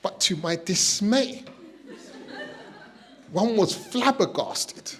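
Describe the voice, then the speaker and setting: A man voicing his posh friend, a prim, refined English woman speaking softly and properly. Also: mid-range voice, expressive. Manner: soft, slow, overly refined diction.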